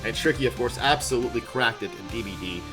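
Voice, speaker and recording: A man's voice: medium pitch, fast talker. A man chatting casually on a live game stream, upbeat and rambling, laughing often. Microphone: headset. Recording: background music playing loudly. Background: music.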